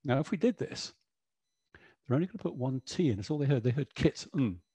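A man's voice: mid-range voice, lively intonation, a little fast, dark tone, slightly rough, no room sound. A middle-aged man presenting an educational webinar, chatty and explanatory, often saying "you know".

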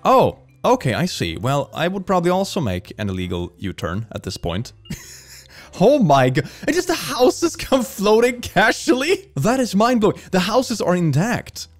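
Wildly animated young man reacting. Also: sits high, normal speed, soft background music. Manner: excitable, jokey, gasps and laughs often. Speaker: reaction video host. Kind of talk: casual reaction commentary.

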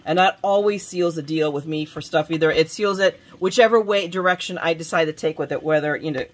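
A woman's voice: deep voice, brisk. Woman, casual show-and-tell, rambling, self-deprecating, home camera setup. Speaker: craft vlogger.

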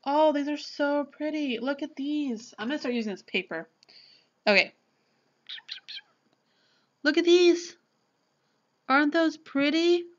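A woman vlogger chatting casually through an unboxing, gushing and excitable, often apologizing as she shows things. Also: high-pitched, a little slow, pauses often, muffled recording.

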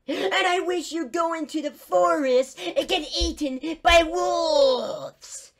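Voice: extremely high pitch, takes it slowly, a bit bright, full character voice. A gameplay YouTuber doing a cranky cartoon duck voice, squawking insults and picking fights. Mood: bickering. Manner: squawky, bickering, trash-talking. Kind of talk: in-character game commentary.

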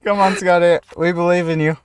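A man's voice: high-pitched, level tone, a little fast, clear, resonant tone, no echo, faint music behind. A man joking sarcastically with friends during a card game, laughing a lot. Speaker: friend playing along. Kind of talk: casual gameplay chat.

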